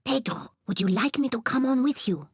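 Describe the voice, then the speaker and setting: An actress playing a kindly grown-up cartoon animal in a gentle, theatrical way, with a breathy voice. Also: female voice, sits high, fairly quick, full character voice.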